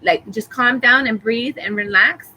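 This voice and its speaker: A woman giving a tarot reading, calmly reassuring the listener with affirmations and rambling a little as she talks. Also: on the high side, measured pace, highs cut off, slight background noise. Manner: rambling, with fillers and restarts. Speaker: tarot reader. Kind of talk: live tarot reading for a viewer.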